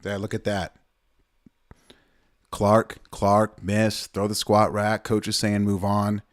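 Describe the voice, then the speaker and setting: A man's voice: fairly low pitch, completely flat delivery, takes it slowly, dry recording, studio quality. Fired-up blunt male weightlifting coach. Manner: blunt, fired-up, swears and repeats himself. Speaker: weightlifting coach commenting on his training video. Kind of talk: casual video commentary.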